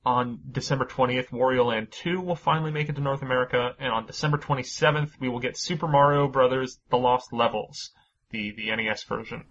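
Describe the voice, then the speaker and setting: Brief: chatty male podcast host, husky voice, casual swearing, dull lo-fi sound. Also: mid-range voice, a little fast, a bit bright. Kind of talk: casual gaming podcast chat.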